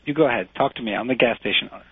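A man rants in long, insulting tirades, bossy and full of himself. His voice sounds a little husky. The recording is dry and thin, like a phone line. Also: medium pitch, racing, no echo. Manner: brash, insulting, rambling tirades. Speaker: comedian pushing a Brooklyn accent. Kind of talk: improvised comedy sketch.

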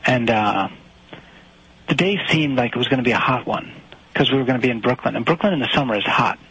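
A man's voice: medium pitch, fast, pushed and bright, breathy edge, no room sound, poor audio. A man in a comedic sketch, defensively telling a story and slipping into a put-on, formal delivery. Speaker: storyteller being recorded.

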